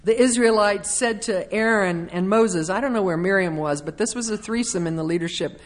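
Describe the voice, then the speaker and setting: A woman's voice: medium pitch, fairly quick. A middle-aged woman preaching a conversational sermon, slipping into acted-out quotes of complaining voices.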